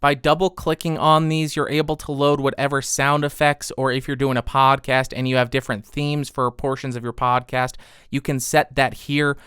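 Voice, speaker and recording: A man walking through the features of an audio interface and its software in a matter-of-fact way. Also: medium pitch, little pitch movement, moderate pace, no echo, studio quality. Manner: clear, matter-of-fact explaining. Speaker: gear reviewer. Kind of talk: product walkthrough.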